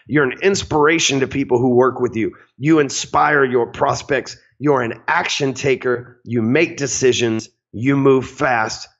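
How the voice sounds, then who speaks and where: A man putting on a deep, slow, smooth soul-crooner voice to read affirmations in a hypnotic way. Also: fairly bright tone, dull audio. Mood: soothing, hypnotic.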